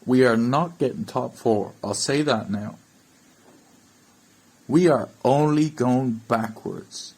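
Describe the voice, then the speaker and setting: Husky irish guy venting about his team, swears a lot, mid pitch. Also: takes it slowly, long pauses, darkish tone, low-quality recording. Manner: frustrated, blunt, swearing. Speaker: football fan channel host. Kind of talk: ranting match review to camera.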